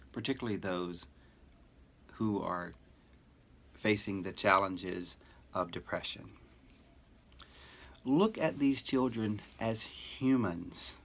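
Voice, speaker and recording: A middle-aged man giving a recorded lecture to teachers, earnest and emphatic, with deliberate pauses. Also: lowish voice. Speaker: teacher educator.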